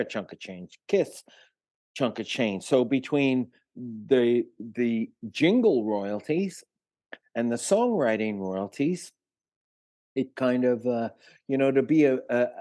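An older man talks as an interview guest in a mellow, low-toned voice. He rambles through stories with lots of fillers and restarts, and the sound is close and dry. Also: no echo. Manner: rambling, filler-heavy anecdotes. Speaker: retired musician guest. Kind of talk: casual interview storytelling.

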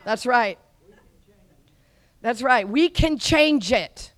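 A middle-aged woman preaching a charismatic sermon, exhorting her audience to repeat after her and building to shouts. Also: high-pitched, lively intonation, slow pace, long pauses, no room sound. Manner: exhorting, call-and-response with the audience, rising to shouts.

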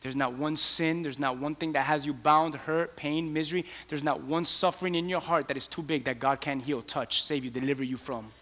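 Male preacher, slightly high-pitched, sharp and forceful, impassioned sermon delivery, long hall echo. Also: steady tone, fairly quick, few pauses. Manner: impassioned, rising to near-shouted pleas.

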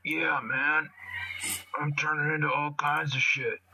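A man's voice: a little high, level tone, measured pace, creaky, pushed and bright, muffled recording, slight background noise, voice pushed up, full character voice. A man voicing a brash, cocky young male street mutant who talks in slang and swears a lot.

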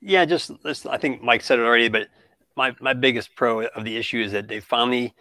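A man's voice: mid-range voice, brisk, bright, forceful tone, no echo. A man giving a brief, plain-spoken opinion in casual comic book chat.

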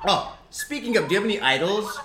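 A man's voice: sits high, big pitch swings, fast, roomy sound, noisy background. A man hosting a casual podcast chat who jokes, rambles, swears freely and laughs a lot. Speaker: podcast host.

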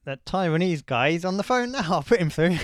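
A man's voice: sits high, lively intonation, a little fast, no room sound, studio quality. A man co-hosting a podcast in casual chat, jokey and wandering. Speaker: podcast co-host.

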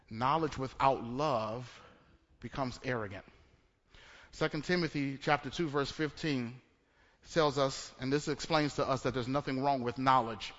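A pastor preaches to his congregation in a relaxed, conversational way, stumbling over repeated words and asking the room questions. His voice sits at a middle pitch for a man. The sound is dull and carries a long echo from the church hall. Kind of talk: sermon. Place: church sanctuary. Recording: dull echoey church recording.

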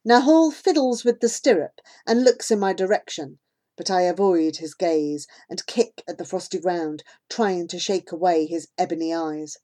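A woman narrating a children's novel in first person as an audiobook, calm and measured. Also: lowish voice.

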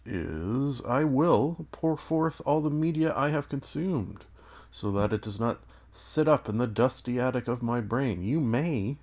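A man hosting his own podcast, talking in a rambling, self-deprecating way with dry asides, his voice a little hoarse from just waking up. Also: mid-range voice, darkish tone. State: morning voice, slightly hoarse. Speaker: podcast host. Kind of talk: casual solo media review.

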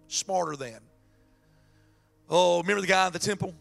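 Gravelly, bright-voiced preaching man. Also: high-pitched, moderate pace, pauses often, soft background music. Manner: animated preaching, acts out voices of scripture figures. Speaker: pastor. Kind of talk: sermon.

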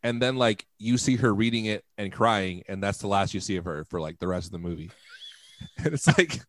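A man's voice: fairly low pitch, steady tone, brisk. A man co-hosting a podcast, rambling playfully in casual chat. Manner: rambling, playful, sings snatches of songs. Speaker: podcast co-host.

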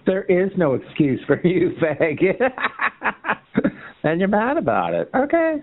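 A man's voice: huge pitch swings, measured pace. Taunting man on a tinny phone line. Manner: taunting, mocking, swinging into a shrill sneer. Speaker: chat line caller. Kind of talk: heated phone argument.

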